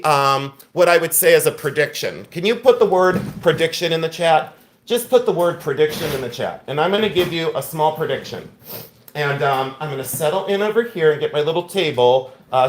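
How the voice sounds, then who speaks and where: A man hosting a live-stream jewelry sale, chatty and openly frustrated, thanking viewers by name. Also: on the high side. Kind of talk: live-stream selling chat.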